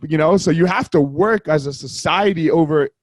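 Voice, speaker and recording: Guy hosting a podcast, kinda high voice, rambly and loose, dry close sound. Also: moderate pace, dry recording. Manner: loose, rambling, swears casually. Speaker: podcast host. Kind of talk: casual interview chat.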